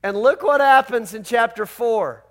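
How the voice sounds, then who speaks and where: High-voiced man preaching a sermon. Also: unhurried, a bit bright. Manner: conversational, emphatic preaching with rhetorical questions. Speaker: pastor.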